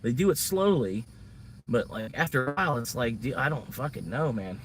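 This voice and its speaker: A man's voice: medium pitch, animated, normal speed, far from the mic, slight background noise. A man livestreaming a casual, rambling, profane rant about work and money. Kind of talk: casual venting monologue.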